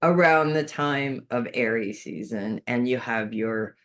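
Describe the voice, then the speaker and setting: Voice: medium pitch, unhurried, a bit bright. A chatty astrologer talks through a weekly horoscope in a loose, unscripted way. The speaker restarts phrases while thinking aloud and gives earnest advice in an everyday mid-range voice. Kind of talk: casual unscripted horoscope monologue.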